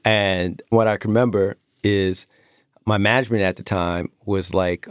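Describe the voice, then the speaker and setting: A man's voice: deep voice, no echo, studio quality. A man in his fifties from the East Coast, a guest chatting casually and telling rambling anecdotes with chuckles. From East Coast of the United States. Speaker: guest, veteran hip hop producer. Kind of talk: casual interview chat.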